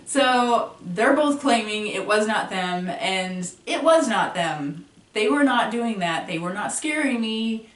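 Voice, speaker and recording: A woman vlogger telling a spooky story to camera at home, animated, with dramatic pauses and laughs between lines. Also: a little high. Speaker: paranormal vlogger. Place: room at home. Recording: roomy room, from a distance.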